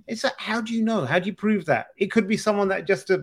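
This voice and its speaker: A man's voice: sits high, quick pace, husky. A man co-hosting a podcast in casual chat, making wry quips with chuckling asides. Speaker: podcast co-host.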